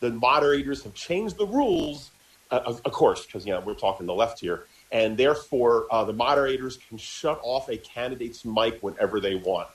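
Stammering talk radio man, mid-pitched. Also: lively intonation, normal speed, rough recording. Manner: stammering, repeats words while building an argument. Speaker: radio show co-host. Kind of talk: casual political talk radio chat.

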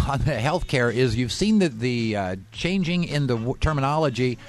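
A man's voice: medium pitch, lively intonation, moderate pace. A man joining a talk radio discussion as a guest, sounding off-mic.

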